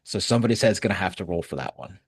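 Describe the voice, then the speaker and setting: Sarcastic guy hosting political talk, kinda low voice, swears a lot, dry sound. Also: very fast, husky, no echo. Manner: animated, sarcastic, swears freely. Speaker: political commentary host. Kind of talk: casual political chat.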